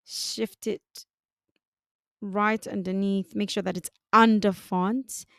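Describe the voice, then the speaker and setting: A woman narrating a screen-recorded design tutorial, giving unhurried step-by-step instructions. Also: medium pitch, no room sound, studio quality.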